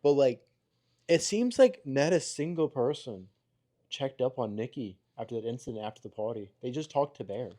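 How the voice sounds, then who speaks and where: A man's voice: medium pitch, expressive, moderate pace, warm tone. A man guesting on a casual podcast, giving blunt, emphatic opinions about a horror movie.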